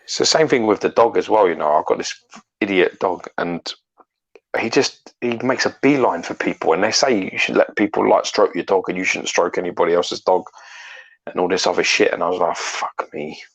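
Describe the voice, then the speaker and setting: A man's voice: low voice, brisk, slightly rough, lo-fi sound. A man co-hosting a casual live stream, blunt and swearing heavily as he tells stories. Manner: blunt, heavy swearing, animated storytelling. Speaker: co-host.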